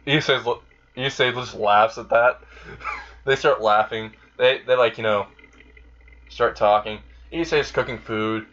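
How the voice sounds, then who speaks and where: A man's voice: mid-range voice, normal speed, fairly bright tone, lo-fi sound. A man casually retelling a fan-made story in a rambling way, with many fillers. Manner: rambling, frequent fillers and laughing.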